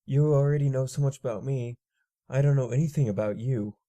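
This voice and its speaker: A man's voice: medium pitch, brisk, mellow, dull audio, lightly acted. A man voicing a prim, upper-class young female pony who teases and asks eager questions. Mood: earnest.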